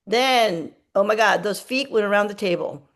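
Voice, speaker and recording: A team member shares a story on a video call in a chatty, casual way, voicing the dialogue as she quotes it. Her voice sits in the mid range and she keeps a moderate pace.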